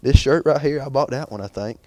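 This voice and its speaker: A man's voice: medium pitch, a little fast, dark tone, no echo. A young man preaching an informal sermon in a chatty, rambling way, full of fillers and restarts.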